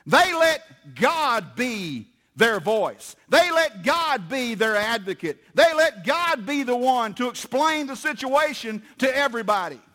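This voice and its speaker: A man's voice: very high-pitched, sing-song, unhurried, few pauses, bright, forceful tone. A man preaching a sermon in a folksy, emphatic way. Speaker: pastor.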